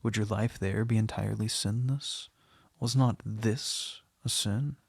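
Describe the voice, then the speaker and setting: A man with a husky, gravelly voice voicing a passionate former lover who forcefully pleads with a woman to come away with him. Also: lowish voice, fairly even intonation, measured pace, no room sound, studio quality, exaggerated voice. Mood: pleading. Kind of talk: storybook reading.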